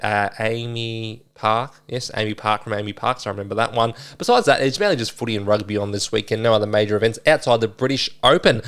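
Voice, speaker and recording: A man's voice: medium pitch, clean tone. A young Australian man hosting a solo sports podcast, chatting casually and a bit rambling as he previews the weekend's games. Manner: chatty, lively, rambling with fillers.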